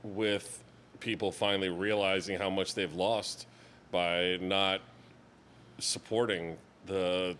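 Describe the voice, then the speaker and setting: A man's voice: sits low, fairly even intonation, slow, fairly bright tone, a little hiss or hum. A man hosting a casual interview, laid-back, with many short murmured acknowledgements. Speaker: interview host.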